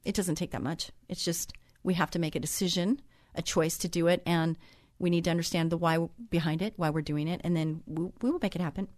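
A woman's voice: fairly low pitch, fairly even intonation, a little fast, a little mellow, no room sound, clean studio sound. A woman hosting a Christian talk show, talking in a chatty, encouraging way and drifting into personal stories. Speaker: host.

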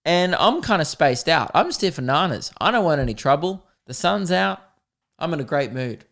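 A young man with an Australian accent, a podcast host telling a rambling, animated comic story and swearing often. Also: a little high, moderate pace, creaky. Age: young adult. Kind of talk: comedic storytelling.

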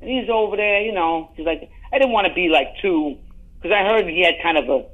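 A middle-aged man, an actor, telling rambling, animated anecdotes in a casual interview, often restarting his sentences. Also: high voice, brisk, phone-quality sound. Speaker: guest, actor.

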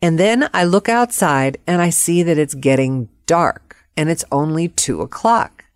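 A woman telling a personal story in a vivid, expressive way, acting out the quotes. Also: low-pitched, unhurried, no echo, clean studio sound.

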